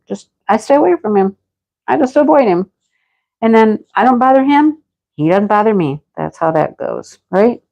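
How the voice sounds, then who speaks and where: A woman's voice: fairly high pitch, a little mellow, muffled recording. A middle-aged woman livestreaming, casually telling a story to her chat, laughing often and answering viewers by name. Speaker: livestream host.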